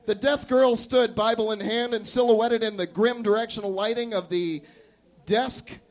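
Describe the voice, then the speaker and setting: A man, a performance artist, reading an absurd comic story aloud at a live café show in a deadpan storytelling manner. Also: sits high, moderate pace.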